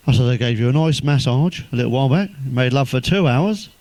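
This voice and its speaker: Crude, swearing comedian. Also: male voice, mid-range voice, quick pace, dry recording. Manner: crude, swears constantly, laughs at own jokes; deadpan one-liners. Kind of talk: stand-up joke telling.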